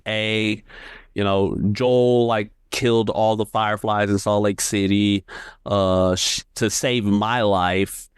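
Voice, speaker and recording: A man's voice: on the low side, clear, resonant tone, no echo, clean studio sound. A man co-hosting a podcast, recapping a TV episode in a loose, rambling way, full of "like" and "uh". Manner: relaxed, rambling, lots of fillers. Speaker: podcast co-host. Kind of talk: casual recap chat.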